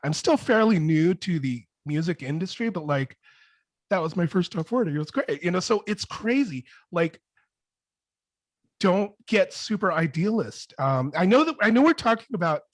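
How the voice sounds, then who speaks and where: A man, a music producer on a panel, telling rambling, animated stories with many restarts over a video call. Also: high voice, normal speed, no echo. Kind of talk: casual panel storytelling. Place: home studio with bright colors behind.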